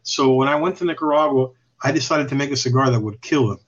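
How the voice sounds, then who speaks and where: A podcast guest with a medium-pitched voice talks fast, telling stories in a casual chat while rambling, swearing, and chuckling. The recording is lo-fi and slightly dull.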